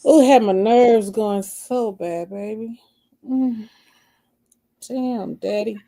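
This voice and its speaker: A woman's voice: fairly high pitch, slow pace, gravelly, dark tone. A woman playing a flirty, country-sounding woman who coos and sweet-talks her man in an improvised role-play. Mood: sultry, coaxing. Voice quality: country-sounding, sultry coo.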